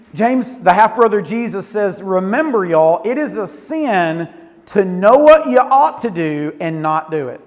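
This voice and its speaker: High-voiced preacher in a hall. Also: male voice. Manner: animated storytelling with Southern "y'all". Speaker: youth pastor. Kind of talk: sermon. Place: church auditorium. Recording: reverberant hall.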